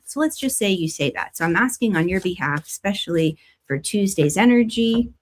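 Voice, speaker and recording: A woman's voice: medium pitch, moderate pace. Middle-aged lady doing tarot and astrology chat, casual, laughs a lot, talks right to the viewers. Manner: warm conversational, laughs often, lively emphasis. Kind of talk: casual spiritual talk to viewers.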